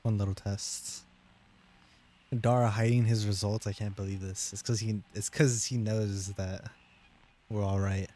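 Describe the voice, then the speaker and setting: A man's voice: fairly low pitch, level tone, a little slow, warm tone. A young American man chatting casually with friends on a stream, joking and teasing them and laughing often.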